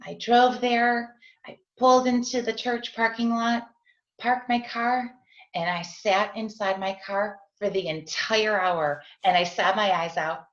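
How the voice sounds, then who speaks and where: A woman's voice: medium pitch, fairly even intonation, unhurried. Middle-aged woman guest, earnest confessional testimony, video call, echoey room, dull sound. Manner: earnest and confessional, often asks "right?". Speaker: guest sharing her story as a parent. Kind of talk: heartfelt personal testimony in an interview.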